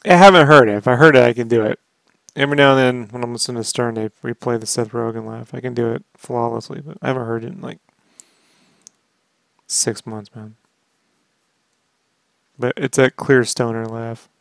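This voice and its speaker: A man co-hosting a casual chat, laughing often and breaking into loud sung lyrics. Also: mid-range voice, fairly even intonation, moderate pace, gravelly, pauses often, clean tone, no echo. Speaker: podcast co-host. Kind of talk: casual chat while drawing.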